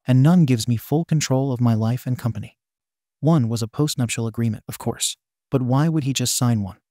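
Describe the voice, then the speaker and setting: Mellow-voiced male story narrator. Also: medium pitch, no room sound, clean studio sound. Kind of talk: scripted narration of online posts.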